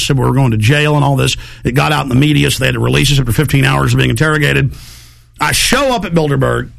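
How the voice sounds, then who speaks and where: A man hosting a talk radio show, rambling through an animated monologue and acting out the voices of people he quotes. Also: fairly high pitch, creaky.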